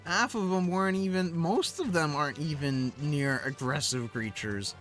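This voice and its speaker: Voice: mid-range voice, normal speed, a bit bright, soft background music. A streamer casually talking to themselves while playing a game live, chuckling now and then. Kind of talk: casual live gameplay commentary.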